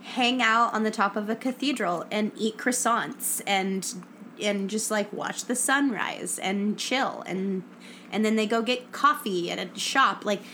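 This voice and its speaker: A woman's voice: mid-range voice, a little slow, bright, forceful tone, a little hiss or hum. A young woman co-hosting a casual book chat, chatty and eager, laughing easily. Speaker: podcast co-host.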